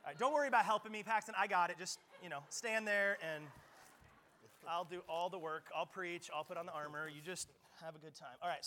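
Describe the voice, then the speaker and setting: A male pastor preaching a lively sermon at a church service, playful and joking with frequent quick restarts. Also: on the high side. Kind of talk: lively sermon with audience play.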